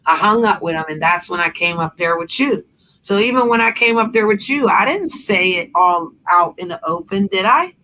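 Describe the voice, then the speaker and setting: A woman's voice: fairly low pitch, lively intonation, moderate pace, bright, forceful tone, slight background noise. A woman host in a casual chat, telling a heated story bluntly with profanity.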